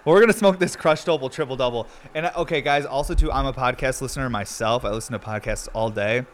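A man's voice: medium pitch, fast, a little hiss or hum. Rambling, profane young man at home. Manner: loose, unfiltered, profane, self-deprecating. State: cold and shivering. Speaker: streamer and podcast host. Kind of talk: rambling casual talk. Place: home smoking session, Colorado.

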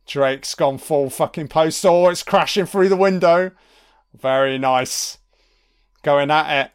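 A man's voice: on the high side, takes it slowly, clear, resonant tone. A man giving a casual, sweary and wry commentary over a film.

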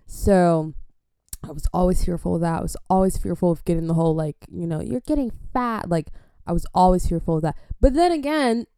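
A young woman from the United States telling self-mocking stories in a casual, animated way, acting out quotes. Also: fairly low pitch, brisk, smooth, no room sound, clean studio sound. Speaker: vlogger. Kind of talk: casual storytelling.

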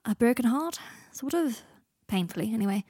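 A dramatic, sulky young wizard, posh and gloomy, his lines tumbling out sharp-tongued, as a woman reads him aloud. The tone sits dark and mellow, slightly husky, close and dry with no room sound. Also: fairly high pitch, lively intonation, normal speed, no room sound. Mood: fretful.

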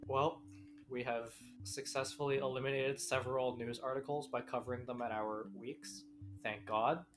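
A woman co-hosting a casual podcast chat, joking, excitable and swearing casually. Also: extremely low pitch, normal speed, a little hiss or hum. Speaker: podcast co-host.

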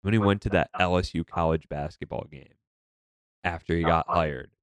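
Animated young man mocking on a podcast. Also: low-pitched, moderate pace, dry recording. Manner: animated, mocking, swears freely. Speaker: podcast co-host. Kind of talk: casual chat.

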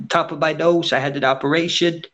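A man's voice: a little high, fairly even intonation, brisk, a bit bright. A man with a nasal voice, chatting casually and telling rambling stories. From Scotland. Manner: rambling, anecdotal storyteller. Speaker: entertainer and guest. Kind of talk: casual chat.

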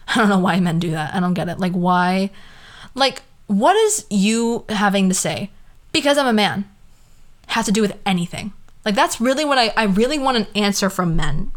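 A woman's voice: mid-range voice, fairly quick. Exasperated young woman ranting casually. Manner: exasperated, swearing, animated rant with sarcastic asides. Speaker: podcast host.

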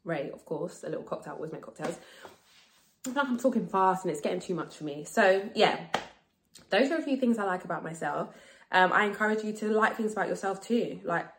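A woman in her thirties, slightly tipsy, hosting a casual solo podcast chat, talking fast and frankly, swearing freely and repeating herself for emphasis. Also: medium pitch, animated, sharp tone, a little hiss or hum. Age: 30s. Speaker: podcast host.

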